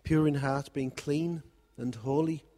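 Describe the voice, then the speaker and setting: A man's voice: a little high, steady tone, measured pace, warm tone. A man preaching a sermon in a wry, conversational way, repeating key phrases as he speaks to the congregation. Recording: long hall reverb.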